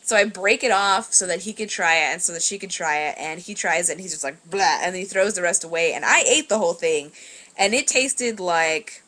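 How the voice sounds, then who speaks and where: Young woman vlogger, slightly low voice, loose filler-heavy storytelling, webcam at home. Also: a little fast, pushed and bright. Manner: rambling, filler-heavy, laughs while telling. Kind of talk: casual storytelling vlog.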